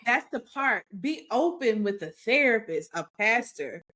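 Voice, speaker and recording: A middle-aged woman co-hosting a podcast in casual chat, opinionated and quick to joke and laugh. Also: fairly high pitch, expressive, sharp tone. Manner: joking and opinionated, laughs often. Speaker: podcast co-host.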